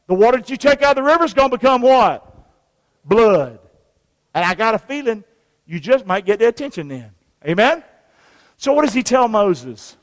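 A man's voice: extremely high pitch, sing-song, normal speed, long pauses. A man preaching a sermon, folksy and conversational, reading scripture aloud and calling on the congregation to repeat after him. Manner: call-and-response, folksy, reads scripture aloud. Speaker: pastor. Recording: long reverb of a large hall.

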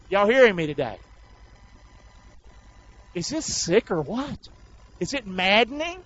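A man preaching a sermon, calling out questions to the congregation and acting out crowds and soldiers. His voice sits high for a man. The recording is dull and lo-fi. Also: big pitch swings, measured pace, long pauses, fairly bright tone. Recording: dull lo-fi sound.

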